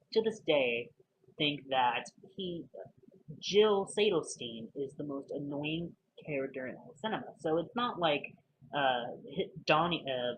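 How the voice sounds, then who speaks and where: A man's voice: on the high side, a little hiss or hum. Rambling man reviewing a film, lo-fi. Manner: rambling, heavy use of fillers and restarts. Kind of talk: casual spoken video review.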